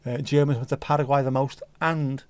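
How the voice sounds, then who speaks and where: A man hosts a relaxed livestream, rambling through viewer comments and swearing casually. His voice sits at an ordinary middle pitch. The sound is close and dry, with no room echo. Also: brisk, clear, resonant tone. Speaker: livestream host.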